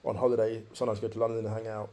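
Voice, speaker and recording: A man's voice: on the low side, little pitch movement, rapid-fire, dark tone. A man around forty, a podcast guest, reflectively telling his life story and repeating phrases for emphasis.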